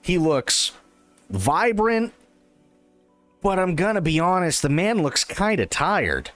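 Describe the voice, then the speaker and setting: A man's voice: high-pitched, very animated, takes it slowly, a bit bright, soft background music. A man hosting a livestream, giving casual reaction commentary, repeating himself and stumbling over restarts. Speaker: livestream host reacting to an interview.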